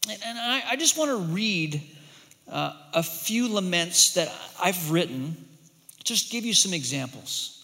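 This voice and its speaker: A man preaching a sermon as pastor, earnest and emphatic, at times pleading and at times softening. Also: sits high, big pitch swings, unhurried, vocal fry, in a large hall.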